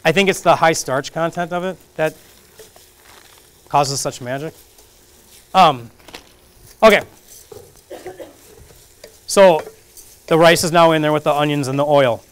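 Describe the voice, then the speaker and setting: A man's voice: a little high, measured pace, pauses often, smooth. A man demonstrating a recipe in a casual, jokey cooking class, talking through each step as he cooks. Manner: chatty, jokey, self-deprecating, talks while cooking. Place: community kitchen classroom.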